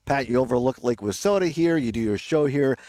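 A man's voice: medium pitch, animated, fairly quick, dark tone, no room sound. A man hosting a casual radio talk show outdoors by a lake, upbeat and chatty, laughing easily.

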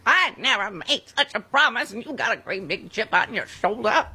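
A grand old screen actress, all hauteur and clipped vowels, delivers a scornful put-down, a woman doing the impression. The voice swoops around a lot, bright and forceful. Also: fairly high pitch, animated, moderate pace, husky, heavily acted. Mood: disdainful. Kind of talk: celebrity impression on talk radio.

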